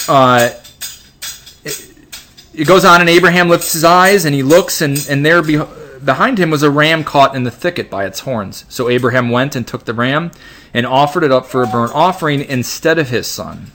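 A man's voice: on the high side, moderate pace, fairly bright tone, a little hiss or hum. A man teaching a Bible study, reading scripture aloud and then commenting in a casual way, with frequent restarts and fillers.

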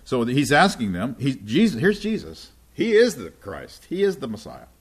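His pitch swoops wildly around a medium center, and his voice is slightly rough at a normal speed. He's preaching scripture conversationally, often pausing to ask listeners "right?" or "okay?".

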